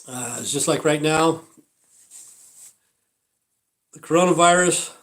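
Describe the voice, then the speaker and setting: A man's voice: on the high side, takes it slowly, fairly bright tone. An older man rambling through a casual livestream monologue, profane and repetitive, circling back over his points. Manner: rambling, profane, repeats himself. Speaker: livestream host.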